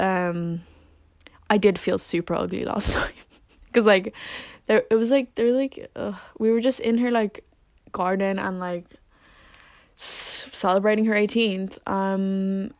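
A teenage girl talks straight to camera in a loose, rambling vlog voice, full of fillers and self-mocking asides. Her pitch sits in an ordinary middle range. The sound is dry and close, with no room echo. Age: late teens. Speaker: vlogger. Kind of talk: casual chat to camera.

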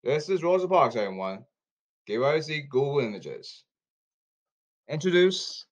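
A man's voice: fairly high pitch, very animated, normal speed, long pauses, lo-fi sound. A man rambling in an insistent, repetitive way, often restarting his sentences. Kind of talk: rambling address to camera.

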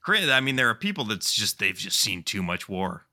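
Bright-voiced profane man telling stories. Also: lowish voice, fairly quick. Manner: animated, profane, laughs while telling stories. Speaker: podcast co-host. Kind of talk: casual storytelling chat.

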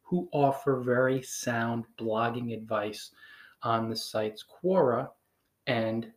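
Speaking slowly at a medium pitch, a northern New Jersey blogger with a local accent chats casually with listeners, handing out advice and rattling off emphatic rhetorical questions, all recorded in an echoey room.

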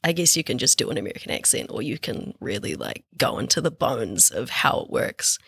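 A woman's voice: extremely low pitch, sing-song, fairly quick, vocal fry, fairly bright tone, husky, dry recording, clean studio sound. A young woman with a New Zealand accent, an actress chatting casually as a podcast guest, with easy laughs and many fillers. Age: young adult.

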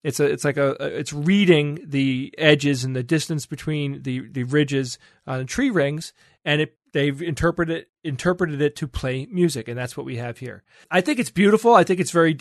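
A man's voice: a little high, no room sound, clean studio sound. A man co-hosting a podcast, casually reading out listener emails with playful, laughing asides. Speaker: podcast co-host presenting a listener segment.

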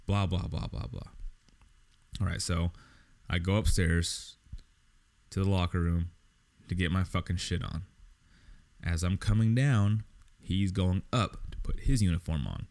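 A man's voice: low-pitched, steady tone, unhurried, pauses often, a little mellow. A young man casually telling a story as a podcast host, swearing freely and sounding exasperated. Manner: profane, exasperated, lots of swearing.

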